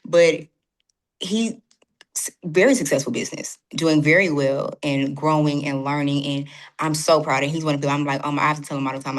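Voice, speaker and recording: A woman's voice: deep voice, fairly quick. A woman guest in a casual faith conversation, talking animatedly and acting out her own inner dialogue. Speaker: podcast guest.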